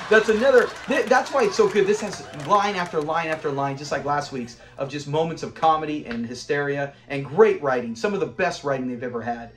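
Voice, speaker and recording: A man's voice: on the high side, fairly quick. A man casually reviewing a classic sitcom episode, enthusiastic, quoting the characters and laughing often. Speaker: show reviewer.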